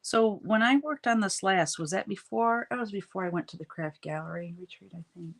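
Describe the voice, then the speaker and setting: Crafting on a casual live stream, a middle-aged woman greets her viewers and chats, a bit stuffy from allergies. She speaks in an animated mid-range voice at a fairly quick pace.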